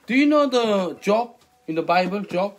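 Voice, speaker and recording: Animated husky male preacher, high voice. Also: moderate pace, faint music behind. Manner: animated, questions the listeners, broken English. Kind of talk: interactive sermon.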